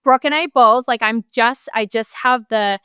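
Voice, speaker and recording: A woman co-hosting a podcast, with a bright, crisp and very clean voice. She talks casually and leads the conversation, with a lot of filler words. The recording is dry and close. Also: on the high side, normal speed, no echo. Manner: chatty, warm interviewer tone, lots of "like" and "you know". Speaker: podcast co-host; mother.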